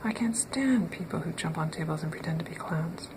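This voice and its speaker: Woman doing a gruff grumbling man. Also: sits low, animated, brisk, background noise. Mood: grumpy. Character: grumpy grumbling middle-aged man.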